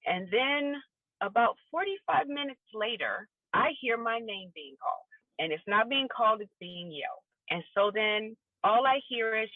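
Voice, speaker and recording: A woman's voice: fairly high pitch, lively intonation, normal speed, no room sound. A woman who is a podcast guest earnestly recounts a personal story and acts out the dialogue she remembers in the quoted voices. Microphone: phone call. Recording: tinny phone line.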